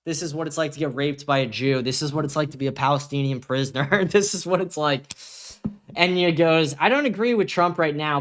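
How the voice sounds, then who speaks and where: A young man hosts his own livestream and reads viewer comments out loud. His voice sits a little high for a man. He answers the chat in a heated, profane rant. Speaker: host.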